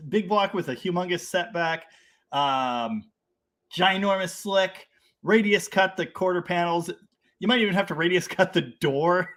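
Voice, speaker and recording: A Canadian man hosts a casual live stream, reading viewer comments and riffing on them with easy laughter. His voice sits slightly high and sounds bright and forceful. He rambles excitedly from one idea to the next.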